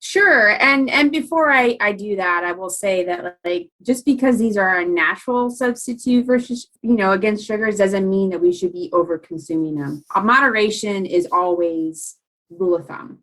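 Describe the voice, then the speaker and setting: A woman's voice: mid-range voice, moderate pace, fairly bright tone, poor audio. A woman with a South Central Pennsylvania accent, a guest on a casual podcast, explaining sugar choices in a friendly, practical way. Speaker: podcast guest, nutrition coach.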